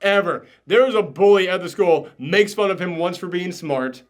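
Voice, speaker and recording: A man's voice: high voice, moderate pace. A man ranting animatedly about a film in a casual review chat, swearing as he gets exasperated. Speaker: film reaction host.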